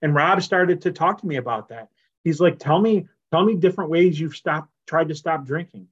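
A man speaking at a recovery meeting in a casual, animated storytelling style, acting out the conversations he tells. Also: on the high side, normal speed, breathy edge. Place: at home on a video call. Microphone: computer mic on a video call. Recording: lo-fi video call audio.

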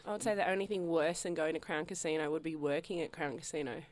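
A woman with an Australian accent, a comedian guest in a casual chat, dry and quick to laugh. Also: low-pitched.

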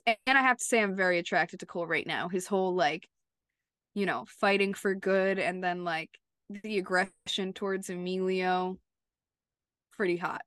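A woman's voice: lowish voice, steady tone, moderate pace, fairly bright tone, smooth, no room sound. Giggly young woman on a podcast, dry sound. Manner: giggly, lots of "like" and "you know". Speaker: podcast co-host. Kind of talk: casual chat.

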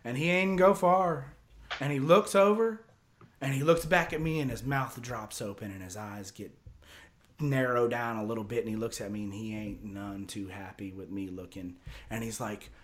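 A man from Texas spins a long, rambling tale as a podcast guest. He restarts his sentences and repeats himself often. He slips into other people's voices as he quotes them, at an ordinary male pitch. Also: moderate pace. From Houston area, Texas. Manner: rambling, repeats words, acts out others' lines. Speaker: podcast guest telling a story. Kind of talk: casual storytelling.

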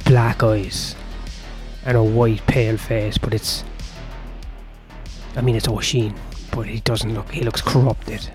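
A man's voice: lowish voice, little pitch movement, takes it slowly, long pauses, a little mellow. Brief: male storyteller, improvised and rambling, profane asides, faint music behind.

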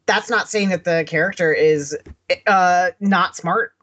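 A woman's voice: fairly low pitch, unhurried, fairly bright tone. A woman from the Southern United States co-hosting a podcast, talking bluntly and casually about writing, with many restarts. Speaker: podcast co-host.

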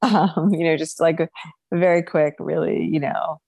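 Low-voiced woman chatting on a podcast. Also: steady tone, measured pace, vocal fry, darkish tone, husky, no room sound. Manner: chatty, laughs often, hedging fillers. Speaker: podcast co-host, lawyer. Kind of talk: casual chat reviewing TV.

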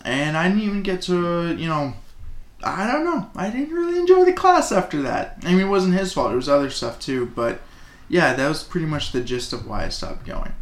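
A man's voice: on the high side, sing-song, moderate pace. Rambling man in an echoey room. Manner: rambling, joking, many fillers. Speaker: podcast co-host. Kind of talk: casual chat.

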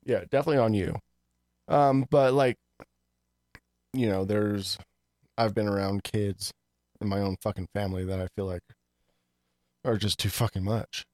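Low-voiced man ranting casually. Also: fairly even intonation, normal speed, long pauses, a little mellow, no room sound, studio quality. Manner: loose, rambling, heavy swearing. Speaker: podcast co-host. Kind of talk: casual chat.

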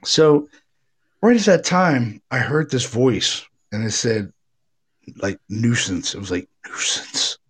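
Here a middle-aged man speaks in a husky, mid-range voice, unhurried as he rambles through a ghost story. He investigates the paranormal, curses freely, and animates the tale by performing other people's lines.

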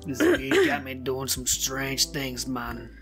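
A woman putting on a tough Cuban gangster man with a mock Cuban accent, low and drawn out with rolled R's. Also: huge pitch swings, slow pace, vocal fry, music in the background, full character voice. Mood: drawling.

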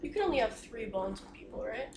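A woman's voice: fairly high pitch, big pitch swings, fast talker, vocal fry. A woman chatting casually as a player in a tabletop game. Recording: roomy, distant mic, noisy.

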